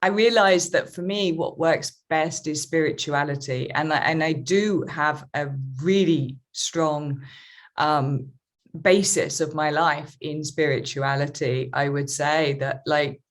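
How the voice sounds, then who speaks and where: A woman life coach speaking reflectively in an interview conversation. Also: sits low. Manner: slow, reflective, talks of spirituality.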